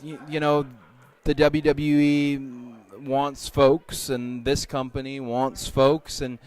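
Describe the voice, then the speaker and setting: A man, a professional wrestler, answering interview questions in a candid, relaxed and conversational way. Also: mid-range voice, takes it slowly, smooth.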